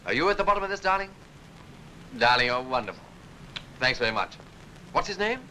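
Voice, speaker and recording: An actor playing a modest young male songwriter who answers with quick, polite, low-key replies. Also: big pitch swings, pushed and bright, a little hiss or hum, poor audio. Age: young adult.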